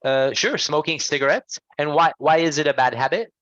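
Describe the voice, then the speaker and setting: A man's voice: fairly high pitch, moderate pace, a bit bright, no room sound, muffled recording. A man teaching an online English class, patient and encouraging, repeating and rephrasing answers for his students.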